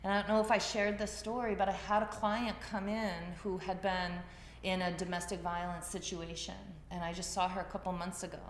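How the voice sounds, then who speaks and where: In an echoey classroom with faint ambience and slight background noise, a woman guides a yoga class, chatting with the group in a storytelling way. Her delivery is flat and fairly quick, in a medium-pitched voice.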